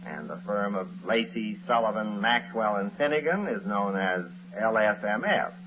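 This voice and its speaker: An actor playing a long-suffering, sardonic husband who also narrates, in a 1940s radio comedy. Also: male voice, lowish voice, animated, normal speed, close to an everyday voice. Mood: wry narration. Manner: dry and sardonic, wisecracking narration. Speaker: narrator and lead. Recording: dull old radio broadcast with loud hiss.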